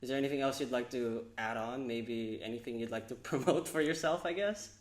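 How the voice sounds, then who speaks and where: A man's voice: medium pitch, fairly quick, roomy sound. A man hosting a podcast, asking friendly questions with lots of fillers. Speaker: podcast host. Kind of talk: casual podcast interview.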